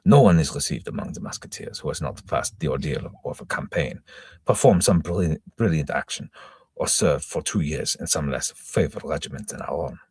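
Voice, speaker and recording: A man's voice: extremely low pitch, expressive, normal speed, darkish tone, breathy edge, no echo, heavily acted. A man voicing a stern, commanding middle-aged male captain, speaking raised and emphatic. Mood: fatherly.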